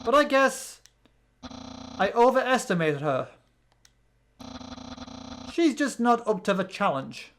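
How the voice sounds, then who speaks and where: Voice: mid-range voice, very animated, takes it slowly, pauses often, slight background noise. A British player reading an eager skeleton. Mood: upbeat. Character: cheerful male skeleton, eager and friendly.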